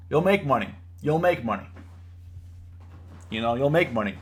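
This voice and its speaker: A man's voice: mid-range voice, moderate pace, husky. A young man hosting a live trading stream, talking casually and getting worked up as he lectures, repeating himself a lot. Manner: animated, preachy, repeats himself, says "bro" and "you know". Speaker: livestream trading host. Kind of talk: casual livestream commentary.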